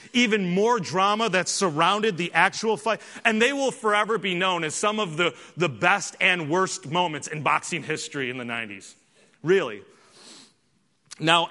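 A man preaching a sermon, telling a story with animated delivery and frequent restarts. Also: sits high, big-room sound. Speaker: pastor.

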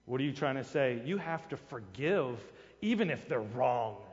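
A man preaching a sermon as pastor, emphatic, with loud rhetorical questions. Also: mid-range voice, lively intonation, normal speed. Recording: dull long-reverb hall sound.

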